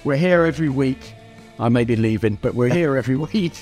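A man co-hosting a casual podcast chat, animated and often exclaiming. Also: mid-range voice, a little fast, soft background music. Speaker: podcast co-host.

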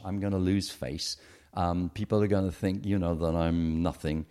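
A British man with a very low voice tells a story from his past as a podcast guest. He is animated and keeps slipping into the voices of the people he quotes, so the telling feels lively and conversational. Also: moderate pace, clear, resonant tone.

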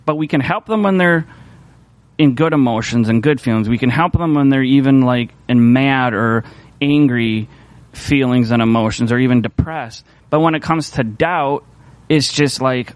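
Man, pastor, conversational sermon, medium pitch, dry close sound. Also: moderate pace, dry recording. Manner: conversational, many fillers and restarts. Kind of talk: casual sermon talk.

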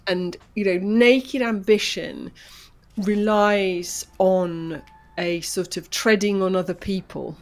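A woman's voice: medium pitch, steady tone, slow. A woman co-hosting a podcast in easy, casual chat. She talks in an opinionated way and presses her points with emphasis. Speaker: podcast co-host.

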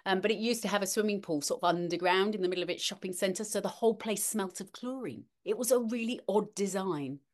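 Chatty animated woman co-host. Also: mid-range voice, quick pace, few pauses. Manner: chatty and animated, with frequent ums and restarts. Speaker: podcast co-host, weather presenter. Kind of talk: casual chat.

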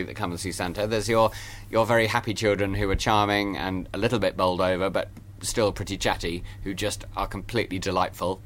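A man's voice: fairly low pitch, a bit bright. A middle-aged man explains how to play Father Christmas in a playful, theatrical way. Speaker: Santa trainer. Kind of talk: explanatory interview talk.

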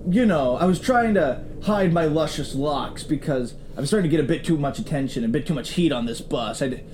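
A man's voice: on the high side, expressive, brisk, a little mellow, a little hiss or hum, natural voice. A man voicing a smug, vain male hat thief in an improvised role-play game, with a drawling delivery.

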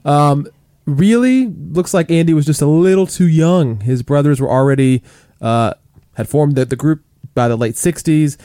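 Chatty man with a smooth, mellow voice. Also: on the high side, moderate pace, dry recording, studio quality. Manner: chatty, many fillers like "you know" and "like". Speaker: podcast co-host counting down chart hits. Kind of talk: casual chart countdown chat.

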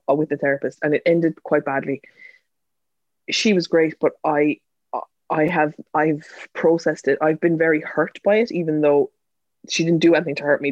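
Man, guest on a chat, halting and self-deprecating, higher voice, muffled dry sound. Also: no room sound. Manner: hesitant, self-deprecating, frequent restarts. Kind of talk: candid personal conversation.

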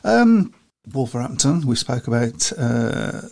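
A man's voice: medium pitch, big pitch swings, takes it slowly, creaky, darkish tone. A man co-hosting a podcast in a chatty way, reading out scores and listener comments. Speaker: podcast co-host. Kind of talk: casual chat about speedway.

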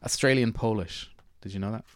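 A man's voice: on the low side, brisk, no echo. A man hosting a film podcast, chatting casually and enthusiastically about new releases with plenty of fillers. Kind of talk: casual film review chat.

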